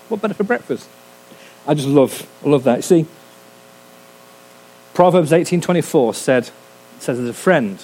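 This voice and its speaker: A man's voice: mid-range voice, darkish tone, low-quality recording. A man preaching a sermon in a humorous, conversational way, often asking his listeners questions. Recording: faint hum, sermon recorded for a podcast.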